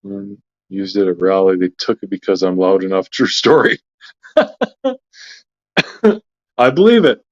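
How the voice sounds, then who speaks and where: A man's voice: sits low, expressive, unhurried, pauses often, lo-fi sound. A Canadian man co-hosting a casual live chat, joking and laughing often as he talks. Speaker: co-host of a live chat stream.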